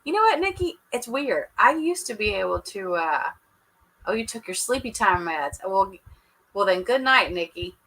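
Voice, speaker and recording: A woman's voice: mid-range voice, very animated, normal speed, a bit bright, rough recording. A woman hosting a casual live chat, sassy and joking, laughing often as she talks to her viewers. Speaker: livestream host recapping a reality show.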